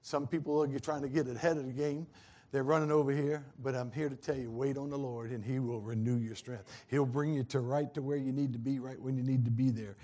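Guy preaching, folksy and earnest, gets fired up, middle pitch voice. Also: fairly even intonation, brisk, warm tone. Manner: folksy, earnest preaching with rising fervent peaks. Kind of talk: sermon.

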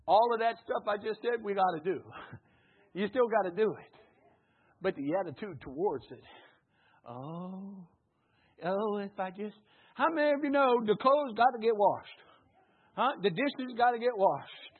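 Husky high-voiced male preacher. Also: animated, normal speed. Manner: call-and-response preaching, has the congregation repeat words; exhorting, repetitive. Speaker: pastor. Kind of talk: sermon. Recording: tinny phone-like recording.

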